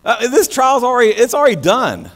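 High-voiced American pastor in echoing hall. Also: male voice, brisk. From United States. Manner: animated, many restarts and stammers. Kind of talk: sermon. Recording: long hall reverb with mains hum.

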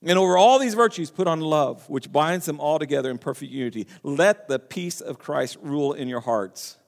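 A man's voice: a little high, normal speed, creaky. A man preaching a sermon in earnest, reading scripture aloud and often restarting his phrases. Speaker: pastor. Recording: long hall reverb.

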